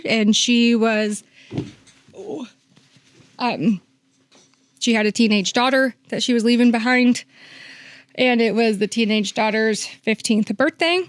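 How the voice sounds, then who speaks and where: A woman who works as a hospice nurse tells a long story in a podcast interview, using many fillers and acting out quoted lines. Her voice is fairly high, recorded at studio quality with no room sound.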